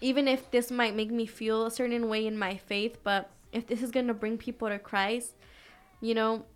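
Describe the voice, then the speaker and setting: A woman's voice: fairly high pitch, level tone, normal speed, clear, resonant tone. A woman talking casually and earnestly about faith, with many fillers. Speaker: co-host of a faith talk.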